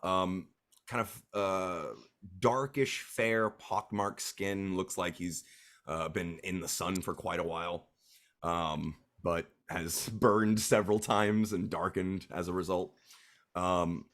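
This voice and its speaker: Low-voiced man running a tabletop game. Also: steady tone, slow, a bit bright. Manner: hesitant, many fillers. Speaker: game master.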